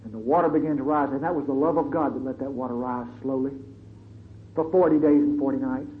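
A male preacher delivers a sermon in a dramatic, conversational storytelling style, his medium-pitched voice moving at a quick pace. The recording is tinny and phone-like, with a faint hiss.

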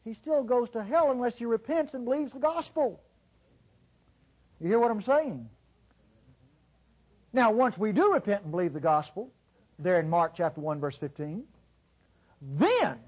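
Animated, husky-voiced male preacher. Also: high voice, measured pace, long pauses, highs cut off. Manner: emphatic, repetitive, sarcastic asides. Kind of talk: sermon.

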